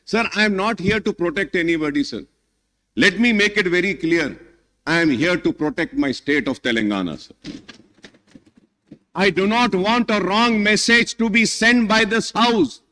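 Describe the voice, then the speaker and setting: Forceful Indian man in an echoing chamber. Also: sits high, lively intonation, unhurried. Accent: Indian English. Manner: emphatic, repeatedly addressing "sir", switching into Hindi. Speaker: legislator in a state assembly debate. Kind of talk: parliamentary speech. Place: large legislative chamber. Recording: long hall reverb.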